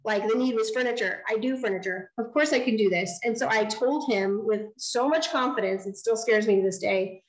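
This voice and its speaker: Woman giving a design talk, lively storyteller, acts out the dialogue, kinda high voice, echoey hall. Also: normal speed, few pauses. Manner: animated, acts out quoted dialogue. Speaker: nonprofit founder giving a design lecture. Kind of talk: storytelling lecture. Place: lecture hall.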